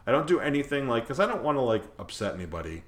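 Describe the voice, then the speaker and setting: A man's voice: mid-range voice, sing-song, very fast. A man hosting a podcast, chatting casually with his friend and rambling through lots of fillers and restarts. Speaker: podcast host. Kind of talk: casual chat.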